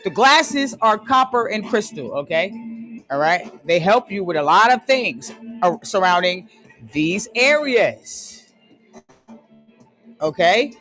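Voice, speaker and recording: A livestream host ranting emphatically, often repeating "excuse me" and "hold on", swinging between loud and hushed and drawing out key phrases into a phone. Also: medium pitch, big pitch swings, slow pace, pauses often, soft background music. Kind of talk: conspiracy rant on a live stream.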